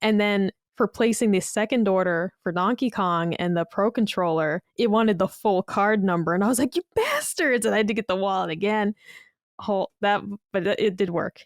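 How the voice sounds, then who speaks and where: A woman's voice: mid-range voice, moderate pace, dry recording, clean studio sound. A woman co-hosting a gaming podcast in casual chat, laughing often and filling her talk with "like". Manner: giggly, filler-heavy chatter. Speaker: podcast co-host.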